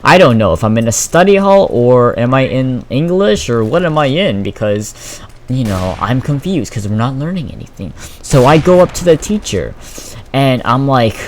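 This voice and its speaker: A teenage boy vents about his school day in a casual vlog, swearing freely and sounding exasperated. His delivery is animated, with a mid-pitched voice. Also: moderate pace, a little hiss or hum. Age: teens. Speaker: vlogger.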